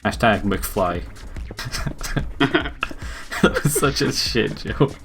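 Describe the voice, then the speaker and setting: A man's voice: medium pitch, animated, extremely slow, over music. A young man streaming a game, joking and laughing often with a friend. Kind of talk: casual gaming stream banter.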